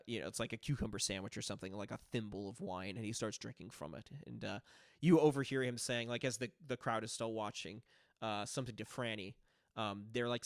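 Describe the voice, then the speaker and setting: A man narrating a tabletop game as game master, relaxed and full of fillers. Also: medium pitch, no echo, clean studio sound.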